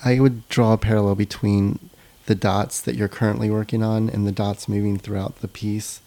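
A man's voice: lowish voice, flat delivery, fairly quick, mellow. A man hosting a podcast interview, casual and a little hesitant, with many fillers. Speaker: podcast host.

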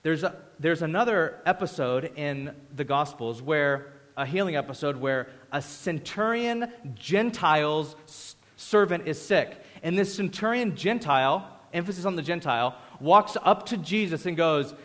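A man's voice: on the high side, expressive, a little slow, a bit bright. A man preaching a sermon as pastor, conversational and acting out voices as he goes. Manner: conversational, acts out voices in quotes. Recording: echoey hall reverb.

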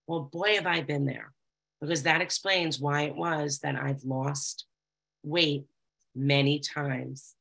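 Low, gravelly woman sharing her recovery. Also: steady tone, slow, fairly bright tone, rough recording. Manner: earnest, confessional, reads passages aloud then reflects. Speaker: speaker sharing recovery experience. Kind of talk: personal recovery talk.

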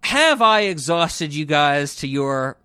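A man hosting a casual movie podcast, animated and joking, laughing often and swearing freely. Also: on the high side, takes it slowly, a little hiss or hum. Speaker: podcast host.

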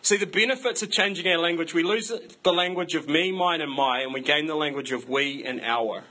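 A man's voice: on the high side, brisk, pushed and bright, poor audio. A man preaching a sermon to his church in a conversational way, breaking it up with self-deprecating jokes. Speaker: pastor.

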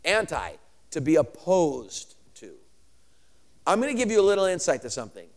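A man preaching a sermon, teaching word meanings slowly and repeating them, then building to shouted calls for amen. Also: fairly high pitch, very animated. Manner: spells out and repeats words slowly.

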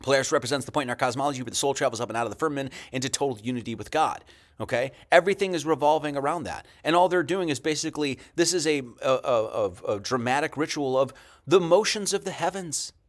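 A man's voice: mid-range voice, quick pace. A man giving casual lecture commentary over a video he plays, asking rhetorical questions and answering them himself. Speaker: host commenting on a played video.

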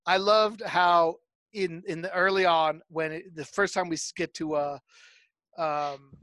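A man's voice: on the high side, fairly even intonation, a little slow, a bit bright, no room sound. A man hosting a casual chat, talking with many stumbling restarts and acting out film quotes as he goes. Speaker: podcast host.

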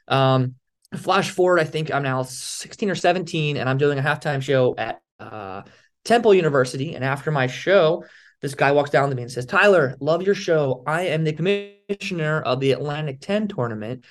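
A young man from the Philadelphia area telling stories as an interview guest, lively and acting out the other people's lines. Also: fairly high pitch, moderate pace. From Philadelphia area, USA. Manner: animated storyteller, acts out quoted dialogue. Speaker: guest, balancing performer. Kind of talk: casual storytelling interview.

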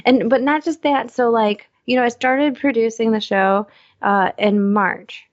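A woman co-hosting and producing a podcast, chatting in a rambling, excitable way and acting out what people said. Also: fairly high pitch, a little slow, lo-fi sound. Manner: rambling, excitable storyteller who acts out quotes. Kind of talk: casual chat.

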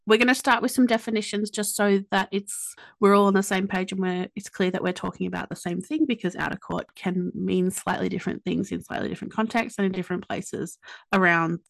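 A woman with an Australian accent hosting a podcast, chatty and quick to joke at her own expense. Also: medium pitch, steady tone, gravelly, no echo. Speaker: podcast host. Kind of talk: casual podcast chat and scripted intro.

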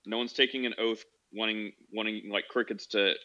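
A man's voice: lowish voice, fairly even intonation, moderate pace, sharp tone, highs cut off. A man hosting a casual chat, rambling and joking. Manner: rambling, joking, laughs often.

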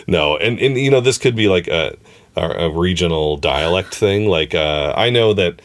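A male host with a deep, low-pitched voice talks in a relaxed, chatty way. He laughs often and fills pauses with ums and uhs. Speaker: podcast host. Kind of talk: casual chat.

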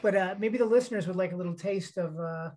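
Fast-talking podcast host, a man. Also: high voice, a little mellow. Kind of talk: interview chat.

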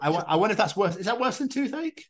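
A podcast co-host with a high voice talks at a racing pace, joking and swearing through a casual conversation. He's lively and keeps breaking into bursts of laughter.

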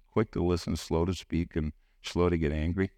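In a sermon recorded at studio quality without echo, a middle-aged preacher from a church teaching team speaks low and dark, with a level tone at normal speed. He recounts personal stories and acts out the characters, his voice jumping up suddenly when quoting them.

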